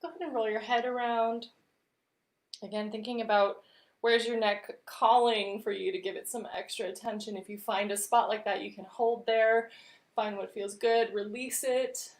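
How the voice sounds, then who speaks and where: A woman vocal coach leading a live-streamed warm-up with gentle, encouraging instructions. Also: a little high, steady tone, moderate pace, roomy sound, low-quality recording.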